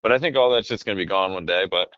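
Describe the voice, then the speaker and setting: A man in casual podcast chat, telling rambling, animated stories and swearing often. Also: sits low, rapid-fire, no room sound, muffled recording.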